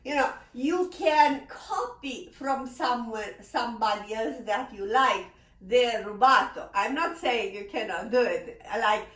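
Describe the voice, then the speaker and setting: Slow-talking piano teacher woman in an echoey room. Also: on the high side, distant mic. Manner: expressive, sings phrases, laughs often. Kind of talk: piano lesson explanation. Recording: roomy echo, slightly off-mic. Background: piano playing.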